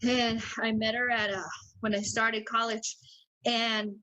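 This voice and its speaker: Bright-voiced woman in casual chat. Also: fairly high pitch, level tone, a little slow, highs cut off. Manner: profane and laughing, loose and chatty. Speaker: podcast co-host.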